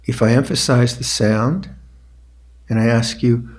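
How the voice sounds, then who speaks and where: An older man, a meditation teacher, giving a reflective dharma talk on a retreat, speaking slowly with pauses and restarts. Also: mid-range voice, steady tone.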